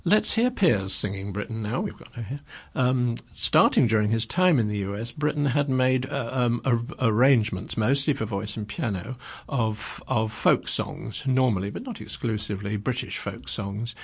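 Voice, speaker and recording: A man's voice: medium pitch, animated, moderate pace, hardly any pauses. A man hosting a community radio programme, talking casually and hesitantly with many ums and restarts as he introduces recordings. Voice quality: creaky, husky. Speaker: radio presenter.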